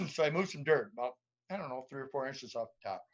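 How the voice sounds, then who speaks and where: A man's voice: mid-range voice, fast. A man, a gold prospector, telling a story casually over a video call and acting out the voices and sounds. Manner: animated storyteller who acts out voices and sounds. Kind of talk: casual storytelling on a live stream. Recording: muffled lo-fi stream audio.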